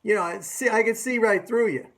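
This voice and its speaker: A man's voice: high voice, a little fast, fairly bright tone. A middle-aged man giving a casual, sarcastic market commentary rant, mocking his viewers and repeating his points for emphasis.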